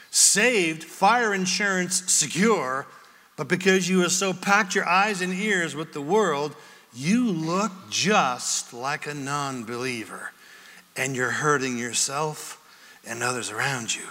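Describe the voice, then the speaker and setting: A man's voice: a little high, expressive, takes it slowly, bright, forceful tone, big-room sound. A man preaching a sermon as pastor, in a conversational way with wry humor.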